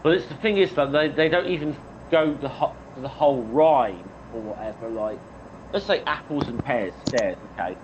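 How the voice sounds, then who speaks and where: A man's voice: medium pitch, moderate pace, slight background noise. Chatty man, dull lo-fi mic. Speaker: chat participant. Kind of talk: casual online group chat.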